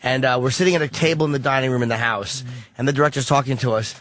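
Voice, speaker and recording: Fast-talking man telling anecdotes. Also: medium pitch, fairly even intonation, noisy background. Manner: quick anecdotal storytelling with fillers. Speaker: comedian guest. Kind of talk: casual radio chat.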